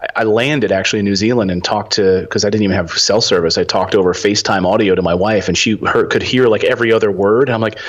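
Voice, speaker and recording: A man in his forties telling a story as a podcast guest, animated and acting out the dialogue. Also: fairly low pitch, quick pace. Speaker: podcast guest, real estate investor. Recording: dull lo-fi audio.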